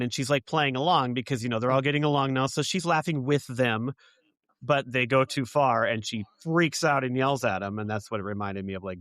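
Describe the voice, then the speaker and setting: A man's voice: medium pitch, a bit bright, dry recording. Male co-host, mid-range voice, easygoing storyteller, dry close mic. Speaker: podcast co-host. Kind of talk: casual chat.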